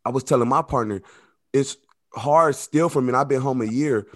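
A man's voice: medium pitch, normal speed, no echo, clean studio sound. Candid man speaking plainly about life after prison. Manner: loose, conversational, heavy with "like" and "you know"; slips into lively acted-out quotes. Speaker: formerly incarcerated guest. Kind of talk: casual interview talk.

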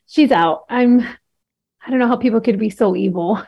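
Gravelly and husky, this woman's voice is fairly high in pitch and moderately paced. In her thirties and a podcast guest, she tells a casual story with lively acted-out quotes and frequent laughs.

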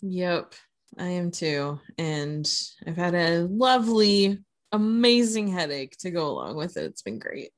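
In an unhurried way and with a voice on the low side, a female podcast co-host talks casually about the films she watched. Frequent laughter and eager anecdotes fill her chat, along with her remark that she's worn out and has a headache.

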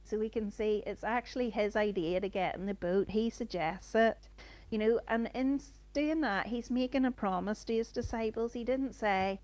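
A woman's voice: medium pitch, unhurried, a little mellow, no echo. Earnest woman preaching, dry close sound. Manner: earnest and conversational, many "you know" fillers. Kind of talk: informal sermon with Bible reading.

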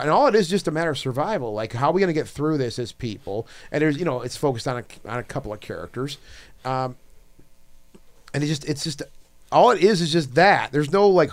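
A man's voice: fairly high pitch, expressive, a little fast. Rambling, swearing man. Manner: rambling, trailing off and restarting, swears freely. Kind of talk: casual chat.

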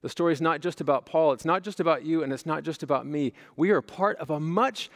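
Gravelly-voiced pastor preaching in a big hall. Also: male voice, fairly high pitch, fast. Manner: conversational preaching with rhetorical questions and stories. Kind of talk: sermon. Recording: long reverb of a large hall.

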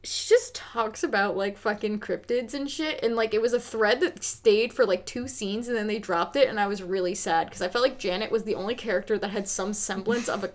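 A woman co-hosting a casual podcast, reviewing a movie in a rambling, sweary, animated way. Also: mid-range voice, brisk, few pauses. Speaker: podcast co-host.

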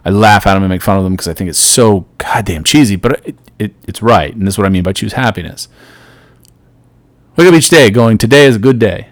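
A middle-aged man hosting a solo podcast, giving an earnest motivational talk that swings between loud and soft. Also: fairly low pitch, lively intonation, a little fast, no echo. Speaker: podcast host.

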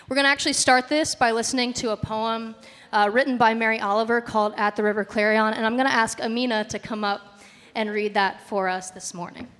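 A woman's voice: fairly high pitch, steady tone, a little fast, a bit bright. A woman leading a church service, talking in a chatty way with fillers. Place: church hall. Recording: reverberant church hall.

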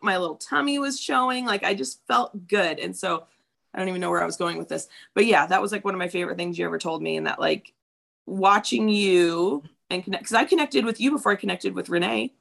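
A woman's voice: medium pitch, brisk, creaky, a bit bright. A woman in her thirties talking candidly in casual chat, swearing freely and acting out what people said.

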